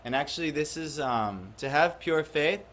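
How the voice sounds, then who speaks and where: A man's voice: a little high, animated, moderate pace, fairly bright tone, a little hiss or hum. A man giving a devotional class to a live audience, often questioning the listeners and acting out the voices he quotes. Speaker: spiritual teacher.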